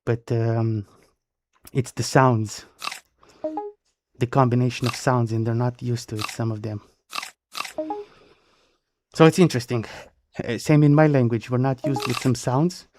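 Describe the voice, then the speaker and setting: A man's voice: medium pitch, fairly even intonation, measured pace, pauses often, a little mellow. Romanian guy live streaming, goofy puns, says everything twice, noisy audio w clicks. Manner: playful, punning, repeats phrases in bursts. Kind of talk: casual live-stream chat with viewers.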